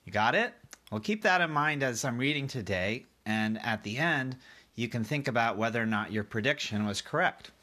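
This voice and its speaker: Male teacher, read-aloud lesson; bright tone, talks to the class. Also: medium pitch, expressive. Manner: addresses listeners directly, pauses for them to think. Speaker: teacher reading aloud to students.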